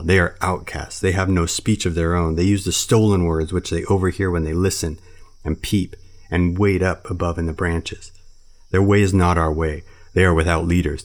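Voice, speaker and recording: A man's voice: low voice, close to an everyday voice. A man reading a storybook who voices an old brown bear, a stern but tender teacher who lectures solemnly.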